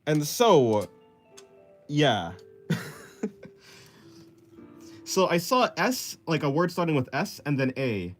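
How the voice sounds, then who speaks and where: His fairly high voice is very animated but slow, broken by long pauses, as this young artist streams his drawing and casually reads viewer comments. He rambles and cracks self-deprecating jokes with frequent laughs, and quiet music plays in the background.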